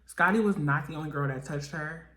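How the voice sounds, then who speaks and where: A woman recapping a reality TV episode in casual chat, acting out the cast's lines with big jumps in pitch. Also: fairly quick, roomy sound, slight background noise. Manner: animated, acts out quotes with lively pitch jumps.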